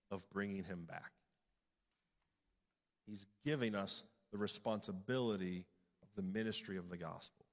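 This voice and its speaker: A man preaching a sermon as pastor, building from measured speech to loud, emphatic peaks. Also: on the low side, big-room sound.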